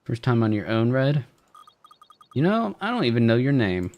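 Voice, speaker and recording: A man voicing a gruff, sarcastic male rogue in a put-on Southern accent, with a dry drawl. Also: mid-range voice, big pitch swings, moderate pace, a little mellow. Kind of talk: voicing characters while playing a game.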